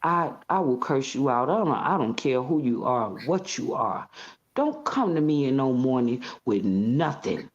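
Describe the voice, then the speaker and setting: A woman guest in a casual interview, telling her story in an animated, expressive way and acting out scenes. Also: a bass voice, unhurried. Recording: slightly muffled audio.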